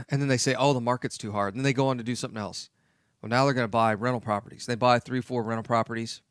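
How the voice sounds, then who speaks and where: A man's voice: mid-range voice, fairly even intonation, quick pace, fairly bright tone, smooth, no echo, studio quality. A man hosting a talk radio show, speaking emphatically and repeating his key points.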